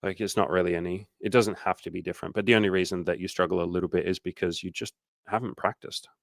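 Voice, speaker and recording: A man's voice: low-pitched, fairly even intonation, quick pace, creaky, no echo. A man working as a dating coach, answering questions on a casual livestream in a candid, loose way, swearing freely and using lots of fillers.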